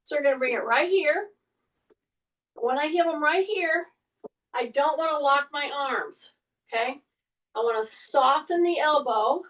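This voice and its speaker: A woman fitness instructor with a high voice guides a workout in an unhurried way, cueing each breath and each pull. She sounds a little far from the microphone. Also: a bit bright. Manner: coaching cues, counts breaths. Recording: voice from a distance.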